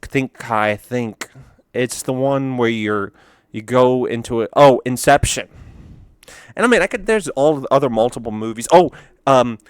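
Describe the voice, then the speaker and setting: A man's voice: mid-range voice, a little slow, smooth, dry recording. A man hosting a video where he reacts to memes, talking in a rambling, frank, filler-heavy way. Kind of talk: casual commentary.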